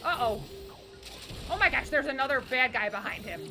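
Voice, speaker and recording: A woman giving bubbly, excited let's-play commentary, cheering and squealing at the game as she plays. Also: high voice, normal speed. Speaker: gaming streamer. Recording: game music playing behind. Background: game music.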